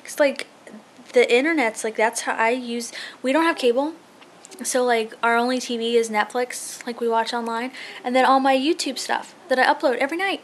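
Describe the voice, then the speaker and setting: A young woman chatting casually to a handheld camera at home, telling an animated story for her family vlog. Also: a little high, normal speed, slight background noise. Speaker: family vlogger. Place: house being painted, indoors.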